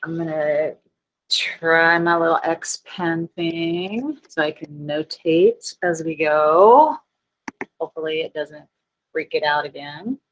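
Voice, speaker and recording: A woman's voice: sits low, takes it slowly, rough recording. A woman chemistry teacher giving a class lecture, chatty and self-deprecating, getting flustered by tech trouble.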